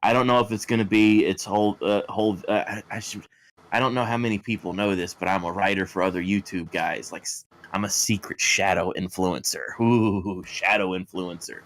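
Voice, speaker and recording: A man's voice: low-pitched, steady tone, a little fast, a bit bright. A man co-hosting a casual podcast, rambling with frequent restarts. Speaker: podcast co-host.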